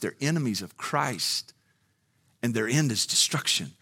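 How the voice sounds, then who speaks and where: A man's voice: medium pitch, expressive, a little slow, pushed and bright, slightly rough. A man preaching a sermon, moving from a conversational tone to fiery, soaring emphasis. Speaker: pastor.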